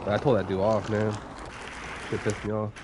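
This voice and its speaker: Background noise sits under a young man's lowish, fairly flat voice at a moderate pace as he chats casually on stream. Still shaking off a cold, he coughs at times and rambles profanely, leaning hard on "like" and other fillers.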